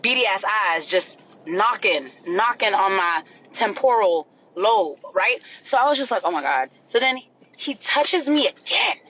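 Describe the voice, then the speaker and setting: Woman, dramatic casual storyteller, bright forceful voice, slightly dull recording. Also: medium pitch, unhurried, breathy edge. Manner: animated, dramatic, shrieks in retelling.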